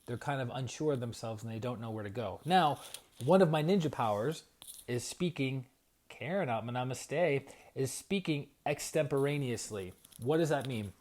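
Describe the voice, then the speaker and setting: A man's voice: mid-range voice, a little mellow. A middle-aged man, a spiritual coach and energy healer, speaking in a live-streamed motivational talk. He talks in a conversational way and keeps checking in with his listeners by asking "right?". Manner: conversational, repeats "right?" often.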